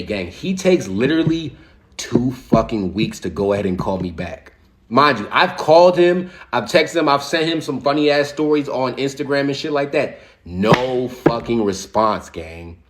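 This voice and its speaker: A man's voice: medium pitch, lively intonation, brisk. A young man telling a casual storytime monologue to his viewers, slangy and profane, full of fillers and asides. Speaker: social media storyteller.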